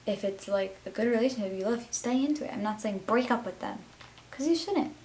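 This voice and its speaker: A woman's voice: mid-range voice, fairly quick, darkish tone, a little hiss or hum, poor audio. A teenage girl vlogging casually and heartfelt, rambling with lots of fillers as she talks. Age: teens. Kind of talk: casual confessional vlog.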